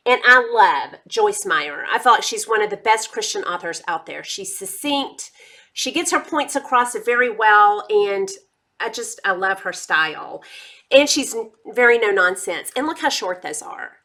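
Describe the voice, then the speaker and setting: A woman's voice: mid-range voice, lively intonation, a little slow, bright, forceful tone. A middle-aged woman, chatting casually about her monthly favorites with enthusiastic asides. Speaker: beauty and lifestyle vlogger.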